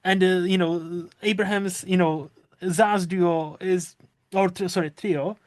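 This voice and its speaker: A man's voice: high-pitched, steady tone, a little slow, no echo, clean studio sound. A man co-hosting a casual podcast, rambling and restarting his sentences and laughing often. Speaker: podcast co-host. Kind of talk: casual chat.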